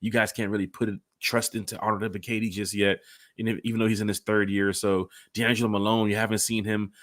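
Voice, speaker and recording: This sports podcast host has a lowish voice and a quick pace. He rambles casually and animatedly, speaking directly to his co-host.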